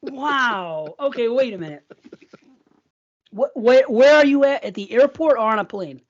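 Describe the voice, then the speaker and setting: A man's voice: very high voice, animated, a little slow, highs cut off. An American man co-hosting a podcast, chatting casually and asking lots of curious questions. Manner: curious, asks many questions. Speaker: podcast co-host. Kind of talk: casual chat.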